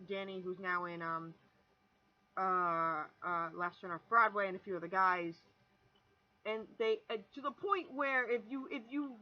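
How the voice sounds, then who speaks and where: A young woman in her twenties telling a rambling, animated story on her vlog, swearing freely and restarting sentences as she goes. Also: medium pitch, dull audio. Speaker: vlogger.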